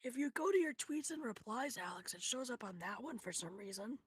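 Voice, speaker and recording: A woman's voice: a little high, expressive, brisk, husky, dry recording. A woman livestreaming a game at her home computer, chatting casually with her audience, swearing freely and often dropping into whispered asides. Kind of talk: casual stream chat while gaming.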